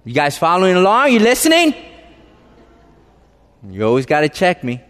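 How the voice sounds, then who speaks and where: A man's voice: high-pitched, huge pitch swings, moderate pace, fairly bright tone, smooth. A man preaching a sermon as pastor, conversational and emphatic, asking the congregation questions and repeating phrases for stress. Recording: long hall reverb.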